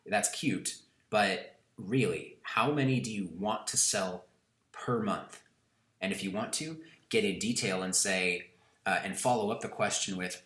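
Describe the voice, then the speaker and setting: A man giving a recorded online lesson in an instructive way, repeating key questions slowly and deliberately. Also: fairly low pitch, bright, forceful tone, roomy sound. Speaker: course instructor.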